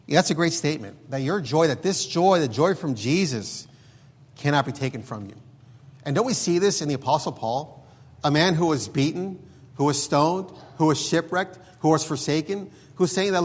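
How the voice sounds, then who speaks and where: Male preacher, husky voice with a slightly high pitch, emphatic sermon delivery, long hall reverb. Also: lively intonation, fairly quick. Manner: emphatic, repeats words, frequent "look".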